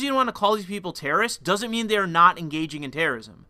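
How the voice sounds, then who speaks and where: A man delivers a heated political commentary monologue, profane and rambling, full of fillers. His voice is a little high and very bright and sharp. The sound is dry and close to the mic. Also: expressive, fast, few pauses, no room sound. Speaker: commentary channel host.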